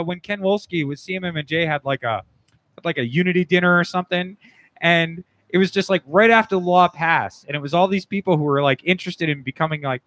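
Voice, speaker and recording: A man's voice: high-pitched, fairly bright tone, no room sound. A man hosting a casual podcast chat, telling long rambling stories full of restarts and "like". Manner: rambling storyteller, many restarts and "like". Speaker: podcast host.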